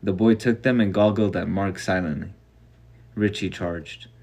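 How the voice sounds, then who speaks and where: A man's voice: low-pitched, steady tone, normal speed, a little mellow. A man reading a novel aloud live, casual and reactive, sometimes swearing between passages. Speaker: reader.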